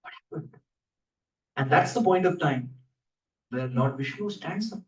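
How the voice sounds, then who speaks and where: A man's voice: on the high side, animated, a little slow, pauses often, dull audio. A man giving a scripture class as a sermon, telling stories with playful, joking asides to his audience. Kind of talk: sermon storytelling. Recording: roomy hall, voice from a distance.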